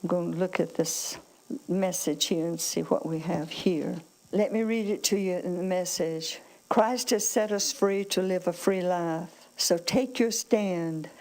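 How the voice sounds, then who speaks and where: A woman's voice: on the low side, fairly even intonation, measured pace, a little mellow, rough recording. A woman preaching a sermon, calling on the congregation for amens and reading scripture aloud with emphasis. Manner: calls out to the congregation, asks for amens.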